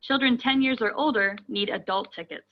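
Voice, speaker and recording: A woman's voice: on the high side, normal speed, lightly acted. A woman playing a polite ticket clerk in a scripted lesson dialogue. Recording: dull lo-fi audio.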